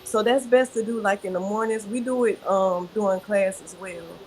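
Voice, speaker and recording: A woman yoga teacher guiding a breathing exercise, speaking calmly and instructively and answering politely. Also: mid-range voice, normal speed, a little hiss or hum, poor audio. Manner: calm, instructive, says "yes, ma'am".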